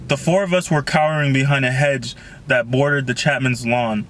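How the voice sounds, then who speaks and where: Guy reading a kids book out loud, laid back, trips over a word now n then. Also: medium pitch, fairly even intonation, moderate pace, a little hiss or hum, low-quality recording. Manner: casual, unpolished reading with slips and restarts. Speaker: reader. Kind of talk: reading a novel aloud.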